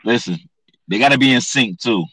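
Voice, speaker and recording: A man's voice: mid-range voice, brisk, sharp tone, no echo, poor audio. A man co-hosting a podcast in a laid-back, profane casual chat, often asking "you know what I mean". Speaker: podcast co-host.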